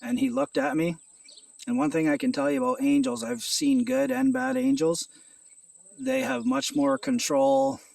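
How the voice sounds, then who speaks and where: A man's voice: high-pitched, big pitch swings, normal speed, gravelly, a little mellow, no room sound, distant mic. A man from Ontario, earnestly sharing a rambling spoken testimony outdoors at a rural house, often repeating his words. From Ontario, Canada. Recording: voice off from the mic.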